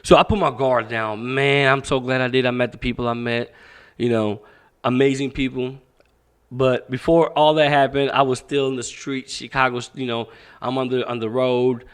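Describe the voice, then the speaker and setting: Young male fight coach, candid and foul-mouthed, animated storyteller who acts out every exchange, medium pitch. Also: moderate pace, smooth. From Pakistan. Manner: profane, animated, acts out quoted dialogue. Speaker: boxing coach, podcast guest.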